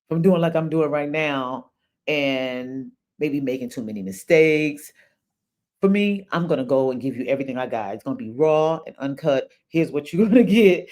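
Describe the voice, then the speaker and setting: An older New York woman with a matching accent hosts her own podcast in a low-pitched, darkish voice. The monologue is chatty and unscripted, full of repeated phrases and sudden exclamations.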